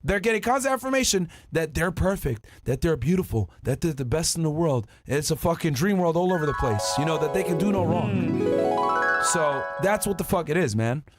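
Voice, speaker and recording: A man's voice: fairly high pitch, brisk, faint music behind. A man hosting a podcast, ranting and swearing as he reads out messages. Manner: profane, animated ranting while reading texts aloud. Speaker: podcast host. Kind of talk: casual podcast commentary.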